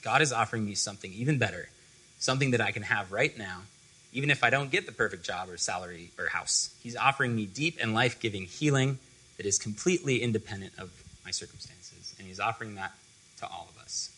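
A young man with a lowish, sharp, slightly rough voice talks fast in a casual, conversational sermon to a student fellowship, heavy on "like" and loose asides. The recording is rough.

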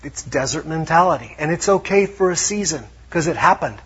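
A man preaching a lively sermon, acting out little quotes as he goes. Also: fairly high pitch, fairly quick, husky. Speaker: pastor. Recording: dull lo-fi sound.

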